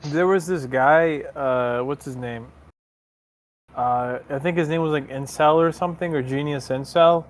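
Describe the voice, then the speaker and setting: A man on a voice chat, rambling and animated as he tells a story, often restarting his sentences. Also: fairly high pitch, normal speed, slight background noise. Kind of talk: casual voice chat.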